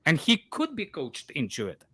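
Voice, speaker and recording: A man on a casual football talk stream, with a voice sitting slightly higher than usual. He teases his co-hosts, repeats himself and stumbles while searching for words. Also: wildly swooping pitch, moderate pace, bright, forceful tone, slightly rough, dry recording. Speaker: podcast co-host. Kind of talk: casual chat.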